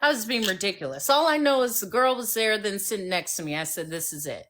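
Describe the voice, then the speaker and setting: A woman hosting a casual live stream, telling a lively story and acting out the voices of the people in it. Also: mid-range voice, quick pace, a little hiss or hum. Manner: animated storyteller who acts out voices. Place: home by a fireplace.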